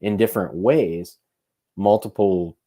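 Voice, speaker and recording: Man, very low pitch, mellow tone, relaxed podcast co-host who thinks out loud. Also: measured pace. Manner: thinks aloud, loose and conversational. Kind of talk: casual podcast chat.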